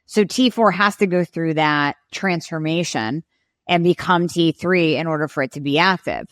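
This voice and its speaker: A woman guest expert on a podcast interview, explaining clearly and acting out little patient and doctor exchanges. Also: low voice, normal speed, no echo, studio quality.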